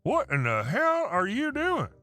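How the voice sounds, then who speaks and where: A man's voice: very high voice, huge pitch swings, a little slow, sharp tone, no echo, pitched above the performer's own voice, heavily acted. A man doing a drawling Southern neighbor. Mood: amused. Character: southern male neighbor, calm and amused.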